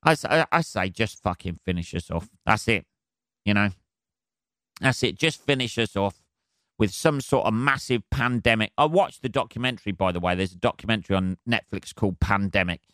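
A man's voice: fairly low pitch, brisk, a bit bright, dry recording, studio quality. Sweary rambling man ranting. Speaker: podcast host. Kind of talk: solo comedic rant.

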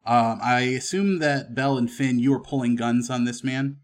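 A man running a tabletop western role-playing game as game master. He narrates and calls for rolls in a relaxed, unhurried way, often pausing with fillers. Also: medium pitch.

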